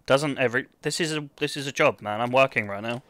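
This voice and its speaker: A man's voice: medium pitch, fast talker, bright, forceful tone, slight background noise. A young British man, feeling sick, chatting casually with his live-stream chat while gaming, joking and reading out comments. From United Kingdom. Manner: joking, banter with chat, reads comments aloud.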